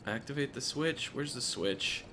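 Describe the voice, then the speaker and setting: A young man giving let's play commentary, thinking aloud and getting emotional, sometimes breaking into high exclaims. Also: animated, unhurried, sharp tone, slight background noise. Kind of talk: gameplay commentary.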